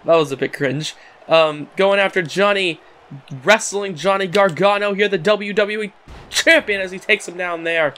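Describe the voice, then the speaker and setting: A man doing casual play-by-play commentary over a wrestling video game, excitable and often stumbling and repeating words. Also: sits high, moderate pace.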